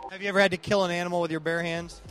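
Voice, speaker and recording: A man hosting a comic street interview show outdoors, delivering dry, mock-serious jokes in a deadpan manner. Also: high voice, very fast, over music. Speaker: comedy show host and interviewer. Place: outdoor festival grounds.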